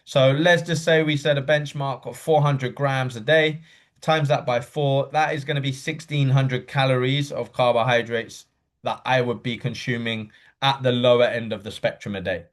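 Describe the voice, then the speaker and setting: Quick-talking casual male running coach. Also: medium pitch, steady tone. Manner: casual, quick, with frequent fillers and checks like okay. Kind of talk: live online workshop talk.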